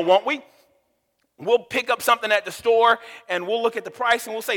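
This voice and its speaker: A man with a high, bright, forceful voice preaching a sermon, emphatic and fond of rhetorical questions. He often trips over and repeats words as he goes. His voice rings with the long reverb of a large hall. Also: moderate pace. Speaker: pastor.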